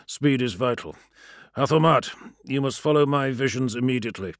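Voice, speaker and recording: A man voicing a calm male sorcerer leader who speaks softly, with measured assurance, in an audiobook. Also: medium pitch, no echo, studio quality, voice pushed up, lightly acted.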